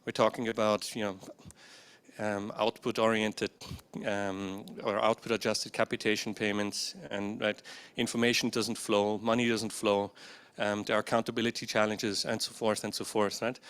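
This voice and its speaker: A man's voice: on the low side, little pitch movement, moderate pace, a bit bright, clean tone. A man presenting a conference workshop session into a microphone indoors. He speaks hesitantly, with many fillers, and often checks in with the audience. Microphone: handheld or stand microphone.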